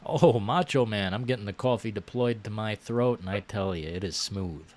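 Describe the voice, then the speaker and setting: A man's voice: fairly low pitch, moderate pace, darkish tone. A male host of a casual chat show, laid-back and drawing out his exclamations.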